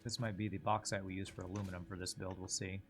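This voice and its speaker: A man's voice: deep voice, level tone, fast talker, soft background music. A young man streaming a game, rambling and talking to himself as he works things out. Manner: rambling, talks to himself while working things out. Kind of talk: casual gameplay commentary.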